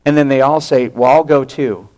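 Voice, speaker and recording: A male pastor preaching a sermon, retelling a story with animated acted-out quotes and hushed drops for emphasis. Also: mid-range voice, moderate pace.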